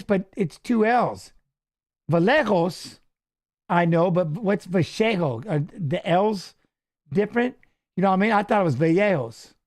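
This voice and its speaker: A middle-aged man hosting a fight watch-along, chatting casually and coaching the fighters aloud with excited calls. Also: sits high. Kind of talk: casual live fight commentary.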